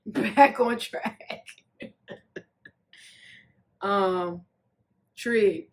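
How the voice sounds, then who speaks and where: A woman hosting a casual TV recap, talking in a sassy, animated way that swings between loud jokes and soft, earnest asides. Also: medium pitch, very slow. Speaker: recap host.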